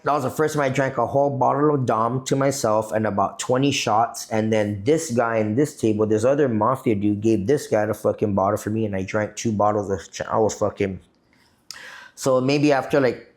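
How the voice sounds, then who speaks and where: A man from Guam, a podcast guest, telling a long profane story in a rambling, casual way. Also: medium pitch. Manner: profane, rambling, repeats "you know what I mean".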